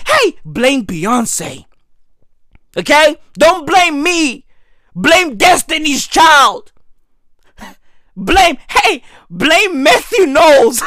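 A woman's voice: sits high, extremely slow, no echo, studio quality. A woman doing a rambling, profane comic monologue, constantly calling the listener "bruv". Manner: animated, rambling, profane, keeps saying "bruv". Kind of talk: comedic monologue.

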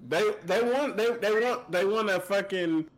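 A man co-hosting a podcast, rambling and halting as he talks. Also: sits high, poor audio. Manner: rambling, halting, swears a lot. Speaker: podcast co-host. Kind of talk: casual chat.

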